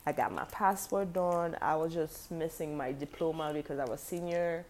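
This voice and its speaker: A woman in her twenties casually telling a personal story, animated and slangy, acting out the dialogue. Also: low-pitched, moderate pace.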